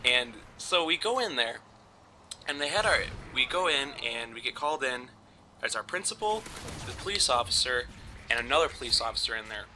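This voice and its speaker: A man's voice: medium pitch, big pitch swings, moderate pace, bright, forceful tone, a little hiss or hum. A young man casually telling a story over gameplay, rambling and swearing often with frequent laughs. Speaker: gaming commentator.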